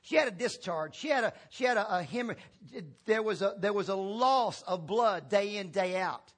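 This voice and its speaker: High-voiced animated male preacher. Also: normal speed. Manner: emphatic call-and-response preaching with repeated phrases; folksy humor. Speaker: pastor. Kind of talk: sermon. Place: church sanctuary.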